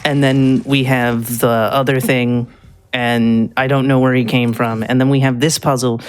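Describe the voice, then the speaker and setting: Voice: medium pitch, flat delivery, a little slow, a little hiss or hum. A speedrunner giving casual live commentary on their own run, rambling a little with frequent ums and restarts.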